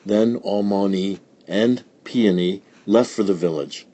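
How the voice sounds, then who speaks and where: A man reading a children's picture book aloud in a slow, deliberate storytelling manner. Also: on the low side, dark tone. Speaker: storybook reader.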